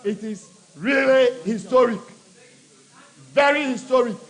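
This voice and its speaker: A man with a Sierra Leonean accent, chairing a legislative committee and presenting a bill to parliament in a formal, deliberate address read in short phrases. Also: extremely high pitch, low-quality recording. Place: parliament chamber.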